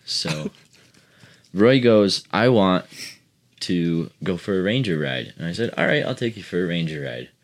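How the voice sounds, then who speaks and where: A man's voice: deep voice, expressive, unhurried. A man casually telling a rambling, profane story to friends as a podcast co-host.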